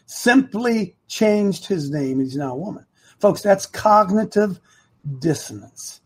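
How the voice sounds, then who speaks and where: Man, talk show host, husky, fairly high voice, rambling, repeats points slowly for emphasis. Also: animated. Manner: rambling, repeats himself for emphasis, talks to producer and chat. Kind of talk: live opinion commentary show.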